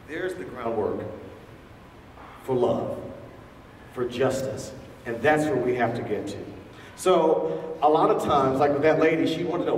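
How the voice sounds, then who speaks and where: A man's voice: a little high, expressive, a little slow, pauses often, darkish tone, slight background noise. A man giving a public talk to a live audience, asking the crowd questions as he speaks. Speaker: featured speaker. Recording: echoey hall from far off.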